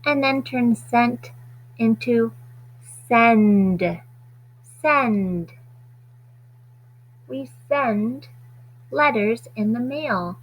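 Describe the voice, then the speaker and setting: A woman teaching a phonics lesson to children, stretching out sounds slowly and deliberately. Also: on the high side, slightly rough, dull audio.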